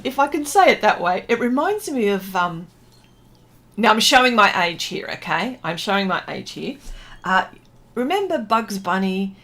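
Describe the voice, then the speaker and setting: A woman's voice: medium pitch, very animated, moderate pace, a bit bright. A middle-aged woman hosting a casual art livestream, chatting, reading viewer comments aloud and laughing often. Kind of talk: casual livestream chat while painting.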